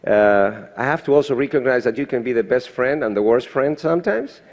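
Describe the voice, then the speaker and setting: A man's voice: medium pitch, expressive, brisk. Heartfelt older man, big hall. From Argentina. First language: Spanish. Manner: heartfelt, thanking people one by one. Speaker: surgeon giving a presidential address. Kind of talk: emotional speech at a podium. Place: large convention hall. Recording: long reverb of a big hall.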